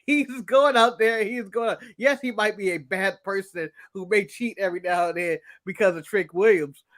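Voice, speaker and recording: Man co-host, high voice, slangy and teasing, casual banter. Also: normal speed, fairly bright tone. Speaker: podcast co-host. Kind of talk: casual wrestling recap chat.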